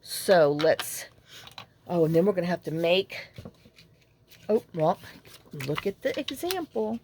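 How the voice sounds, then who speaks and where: A woman's voice: on the low side, big pitch swings, takes it slowly, a little mellow, a little hiss or hum. A woman hosting a casual crafting tutorial, chatty and rambling as she talks viewers through her work. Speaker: crafting channel host.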